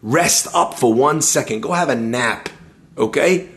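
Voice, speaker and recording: A man teaching a lively Torah lesson, telling stories and using Hebrew terms. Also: medium pitch, a little slow. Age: adult, schooled in yeshiva. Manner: animated storyteller, uses Hebrew terms.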